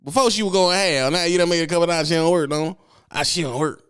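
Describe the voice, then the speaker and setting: A man who streams about trucking, talking in an animated, slangy, teasing way and reading chat aloud. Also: on the high side, fast, smooth. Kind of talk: casual live-stream chat.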